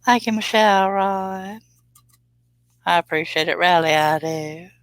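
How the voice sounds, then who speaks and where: A man voicing a genteel Southern belle with a put-on Southern accent, thanking a viewer in a high drawl. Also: unhurried, fairly bright tone, smooth, no room sound. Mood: gracious. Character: genteel Southern belle lady, sweet and gracious.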